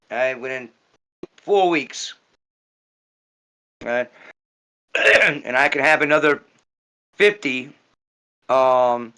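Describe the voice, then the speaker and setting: A man's voice: medium pitch, sharp tone, poor audio. A man speaking in character at a tabletop game, rambling and tagging "right?" onto most sentences. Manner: rambling, repeats "right?" constantly. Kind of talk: in-character role-play speech.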